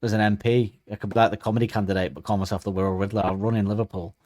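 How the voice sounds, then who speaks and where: A man's voice: fairly low pitch, steady tone, rapid-fire, darkish tone, no room sound, clean studio sound. A man co-hosting a podcast in casual chat, rambling and hesitant, with many ums and restarts. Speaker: podcast co-host.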